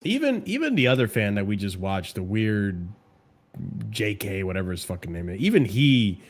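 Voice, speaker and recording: Guy ranting at football clips, swears a lot, gets worked up fast. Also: on the low side. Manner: profane, excitable ranting. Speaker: streamer reacting to football clips. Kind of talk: casual reaction commentary.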